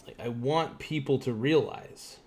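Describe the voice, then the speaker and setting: A man's voice: mid-range voice, a little slow, darkish tone. A man hosting a livestream podcast, chatting casually and profanely while he eats and reads out his live chat. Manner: rambling and profane, with many fillers.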